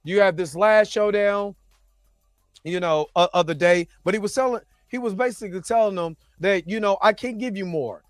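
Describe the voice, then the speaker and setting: A man's voice: sits high, moderate pace, no room sound, studio quality, soft background music. A man hosting a reaction show, recapping episodes in a loose, slangy, rambling way full of restarts and asides.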